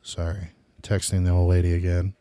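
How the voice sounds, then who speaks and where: A man's voice: deep voice, monotone, normal speed, dark tone, dry recording. A man hosting his own podcast, rambling loosely and casually in a solo monologue. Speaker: podcast host.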